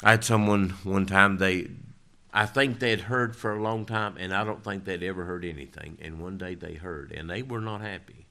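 Low-voiced, bright-toned male preacher. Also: moderate pace. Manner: emphatic, rising to loud declarations then dropping low. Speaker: pastor. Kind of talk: sermon.

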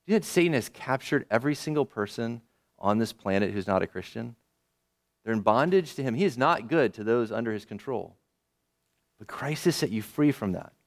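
A man's voice: mid-range voice, lively intonation, a little fast. A male pastor preaching a sermon in an emphatic, conversational way, asking his listeners questions as he teaches.

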